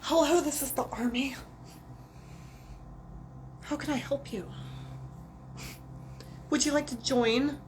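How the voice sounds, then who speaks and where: A perky female army phone operator answers in a bright, sing-song voice pitched well above normal, as a woman puts her on. She sounds overly cheerful, like a recruiting pitch. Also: fairly even intonation, slow pace, long pauses, noisy background. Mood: chirpy.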